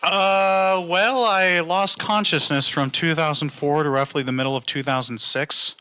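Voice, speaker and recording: A man on a podcast panel, cracking deadpan, absurd jokes. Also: fairly high pitch, a little slow, clean tone. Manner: jokey, deadpan absurd humor. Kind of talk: casual podcast chat.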